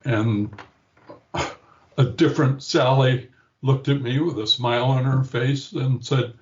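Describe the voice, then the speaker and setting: A man's voice: medium pitch, steady tone, unhurried, muffled recording. An older man, a grandfather, reflectively telling a personal story in an interview and acting out the quoted voices. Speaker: interview guest, patient.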